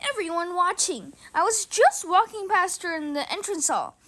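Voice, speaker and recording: A flustered, horrified teenage boy in a storybook, talking wildly and in gasps, as a woman reads him. The voice sits high and jumps around a lot in pitch. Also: animated, moderate pace, pushed and bright, exaggerated voice. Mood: upset. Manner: wild, gasping.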